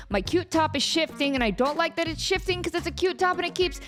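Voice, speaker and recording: A woman's voice: very high voice, fast, few pauses, fairly bright tone, faint music behind. A woman in her thirties hosting a casual solo comedy podcast, chatty and self-deprecating, often breaking off mid-thought. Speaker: podcast host.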